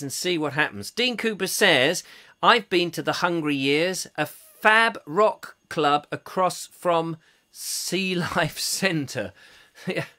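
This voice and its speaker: A man's voice: a little high, bright, forceful tone. A man from England hosting a comic live chat show, reading out viewer comments and rambling off into jokes. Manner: rambling, jokey, slips into silly voices. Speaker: host.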